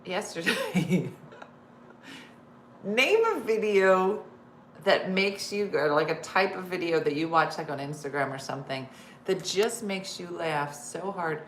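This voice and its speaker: A woman's voice: lowish voice, animated, slow pace, echoey room, slight background noise. A middle-aged woman hosting a casual live stream, chatty and laughing, reading viewer comments aloud. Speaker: host.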